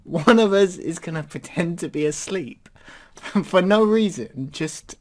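A man's voice: on the high side, lively intonation, a little slow. Rambling, hesitant male podcast host. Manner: rambling and hesitant, many fillers. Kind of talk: casual podcast chat.

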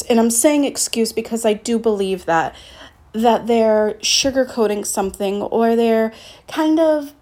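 A woman's voice: on the high side, darkish tone. A woman hosting her own podcast, talking candidly and bluntly, swearing freely and wandering off on tangents. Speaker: podcast host. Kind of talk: casual solo podcast monologue.

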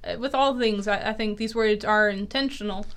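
A woman pastor who reads a church text aloud and discusses it in a measured, thoughtful way. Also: mid-range voice, a bit bright. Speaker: pastor and co-host.

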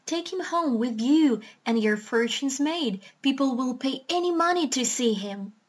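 A woman voicing a proud, eager male monkey pitching an idea in a storybook reading. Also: expressive, measured pace. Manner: proud and persuasive.

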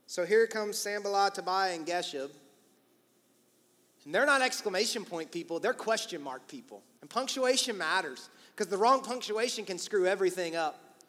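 A male pastor preaching an energetic, emphatic, encouraging sermon in church. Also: high-pitched, moderate pace. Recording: long church-hall reverb.

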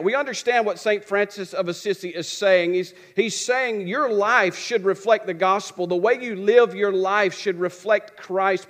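A man's voice: sits high, fairly bright tone. A man preaching a sermon. He asks questions and answers them himself, and repeats phrases for rhythm.

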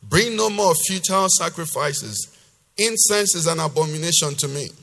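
A male pastor preaching a sermon, reading scripture loudly with force and then explaining it in a lower, conversational voice. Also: animated, normal speed, vocal fry. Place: church hall. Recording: long reverb of a church hall.

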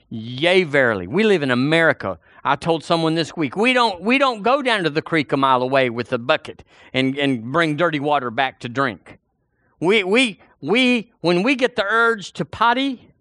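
A preacher, a man whose pitch sits a little high and swings widely as he works up the congregation. He talks folksy and direct, circling back on his own words. The sound is close and dry. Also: no echo. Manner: animated, folksy, repeats himself, addresses the congregation directly. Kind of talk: sermon.

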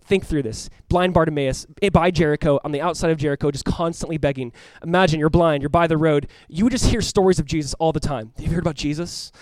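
A man preaching a sermon as pastor, animated, acting out voices and swinging from loud cries to hushed, earnest tones. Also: fairly high pitch, dry recording. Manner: animated, acts out voices of the crowd and the blind man.

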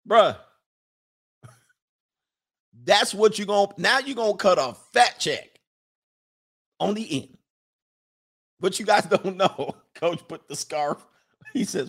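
A man's voice: high-pitched, a little slow, long pauses. Casual lecturing guy on a livestream, listing things off, sneering a bit. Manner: emphatic, preachy, list-making, mocking. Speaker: livestream host. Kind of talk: casual advice monologue to viewers.

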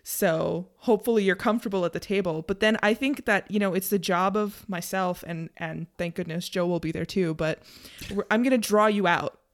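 A woman's voice: medium pitch, normal speed. A young woman co-hosting a podcast, talking casually and reassuringly, with many fillers. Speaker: podcast co-host and game master.

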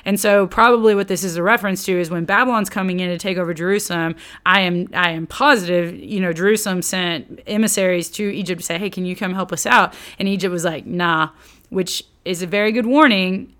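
A woman teaching on scripture in an animated, conversational way, acting out quotes and dropping casual slang. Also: fairly low pitch, quick pace, hardly any pauses. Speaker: Bible teacher.

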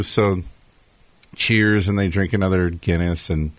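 Male host, very low voice, dry studio sound, chatty joke teller. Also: fairly even intonation, unhurried, no echo. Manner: jokey storyteller, chuckles often. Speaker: show host. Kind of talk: casual chat.

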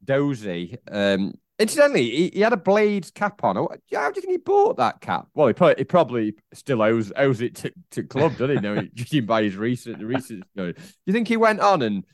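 A man co-hosting a football podcast in casual, animated chat. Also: mid-range voice, a little fast, hardly any pauses, no echo, studio quality. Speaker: podcast co-host.

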